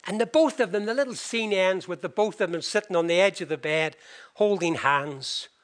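A man's voice: sits high, normal speed. A man preaching a sermon, animatedly retelling a scene and acting out its characters. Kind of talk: sermon storytelling.

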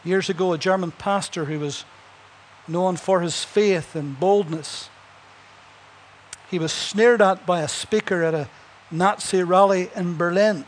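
A man's voice: sits high, measured pace, slight background noise. A man preaching a sermon, telling Bible stories and building to emphatic punchlines, with chuckles between points.

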